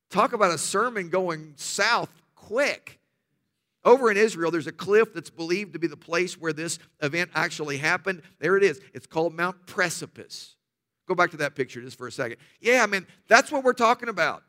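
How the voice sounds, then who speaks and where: A man's voice: high-pitched, animated, normal speed, sharp tone. A man preaching a sermon, telling stories emphatically with humorous asides.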